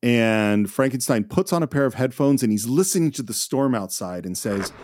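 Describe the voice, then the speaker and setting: Animated man recapping a film. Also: medium pitch, moderate pace, dry recording, studio quality. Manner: chatty, enthusiastic storytelling. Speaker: podcast host. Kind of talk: casual film discussion.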